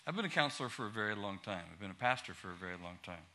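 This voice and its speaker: A man's voice: lowish voice, animated, racing, pushed and bright. A middle-aged man preaching a sermon as pastor, building his points through emphatic, rhythmic repetition.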